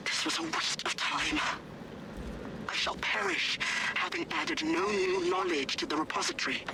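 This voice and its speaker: A man voicing a clinical machine-priest who dictates coded log entries in a measured, formal way, from a video game, heard under loud noise. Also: high voice, wildly swooping pitch, vocal fry, heavily acted.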